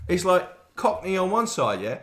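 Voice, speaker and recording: A man's voice: high voice, sing-song, moderate pace, fairly bright tone. A man from England co-hosting a podcast in casual chat, rambling and swearing a lot. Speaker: podcast co-host. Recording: echoey room.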